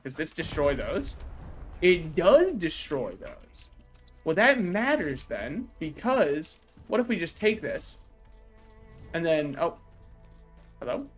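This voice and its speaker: Brief: male livestreamer, slightly higher voice, projects loudly, jokey self-deprecating gameplay chatter over faint game music. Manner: projects his voice loudly, joking and self-mocking. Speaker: streamer. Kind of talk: casual gameplay livestream commentary.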